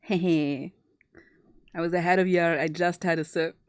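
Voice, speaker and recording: Chatty low-voiced woman streamer. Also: fairly even intonation, a little slow, dry recording, studio quality. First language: German. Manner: chatty, laughs often, swears casually. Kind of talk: casual chat while drawing.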